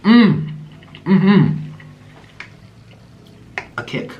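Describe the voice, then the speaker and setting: A man hosting a casual eating show, chatting while he eats. His voice sits a bit high and swings widely in pitch. He laughs easily and slips into cooing talk for his pet. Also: very animated, drawn-out words, dull audio, a little hiss or hum. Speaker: mukbang host.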